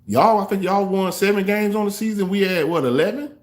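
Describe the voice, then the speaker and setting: A man hosting a fan reaction show, trash-talking rival fans in a loose, animated way. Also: high-pitched, a little fast. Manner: trash-talking, animated, African American Vernacular English grammar. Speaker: sports fan show host.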